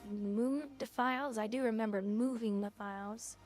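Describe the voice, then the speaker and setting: A woman's voice: fairly high pitch, steady tone, normal speed, a little mellow, faint music behind. A young woman streamer chatting casually on a livestream, blunt and opinionated, rambling from one thought to the next.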